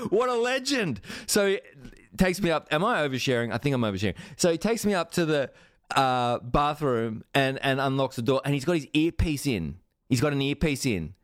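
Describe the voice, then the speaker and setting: A man, hosting a podcast and telling a long sweary anecdote in an animated, self-mocking way. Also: medium pitch, brisk, no echo, clean studio sound. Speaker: podcast host. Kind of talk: casual storytelling.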